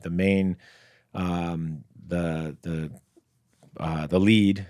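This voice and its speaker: Lowish-voiced podcast guy telling meandering stories, lots of restarts, dry sound. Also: fairly even intonation, drawn-out words, darkish tone, no room sound. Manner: rambling, hesitant anecdotes with many restarts. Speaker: podcast co-host and actor. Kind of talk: casual podcast chat.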